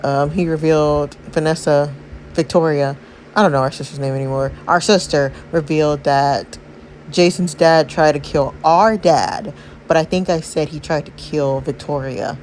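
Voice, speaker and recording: A woman's voice: low voice, darkish tone, a little hiss or hum, low-quality recording. A woman hosting a gaming channel, rambling through a casual recap and commentary with many fillers and self-corrections. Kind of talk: casual story recap and gameplay narration.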